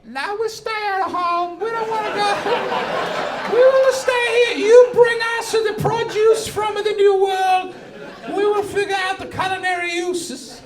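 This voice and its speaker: A comedian doing a boastful, over-the-top Italian man who shouts and exclaims in a very high, strained voice. He is heard from afar in an echoey live venue, with a crowd laughing behind him. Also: fairly even intonation, unhurried, recorded from a distance. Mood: gleeful. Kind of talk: stand-up comedy bit.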